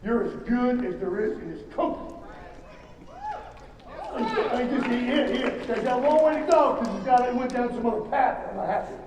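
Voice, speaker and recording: A man giving an emphatic, rambling motivational speech to an audience, with halting restarts. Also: extremely high pitch, expressive, a crowd in the background. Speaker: motivational speaker at a business event. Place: large hall. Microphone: distant from the microphone. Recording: echoey hall from far off, faint noise.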